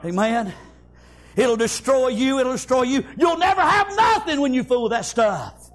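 Male preacher, very high-pitched, fiery sermon delivery, shouts in bursts, rhythmic amens. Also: expressive, moderate pace. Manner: shouting, rhythmic, repeats praise God and amen.

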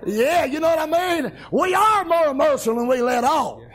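A man preaching a revival sermon, hollering amens and shouting with exuberant celebration. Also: very high-pitched, very animated, moderate pace.

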